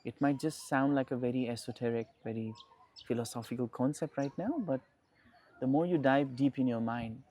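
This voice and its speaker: A man's voice: mid-range voice, moderate pace, dark tone, slight background noise. A young man, a podcast guest, talking reflectively in casual conversation and often restarting his phrases.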